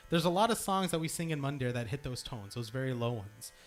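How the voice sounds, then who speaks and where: A man's voice: medium pitch, animated, fast talker. A young man at a temple, teaching a congregation how to practice long sung notes, encouraging and demonstrating as he goes. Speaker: temple singing leader. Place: temple hall.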